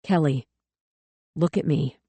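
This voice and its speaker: A woman voicing a calm, steady man who talks an armed girl down in an audiobook. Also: sits low, slow pace, slightly rough, dry recording, heavily acted. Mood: calm firm. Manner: calm, firm, soothing. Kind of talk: audiobook character voice.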